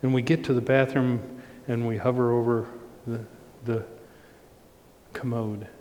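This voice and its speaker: A man's voice: fairly even intonation, a little slow, mellow. A man preaching a sermon, telling a personal story in an earnest way and building to emphatic points. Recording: long hall reverb, faint low rumble.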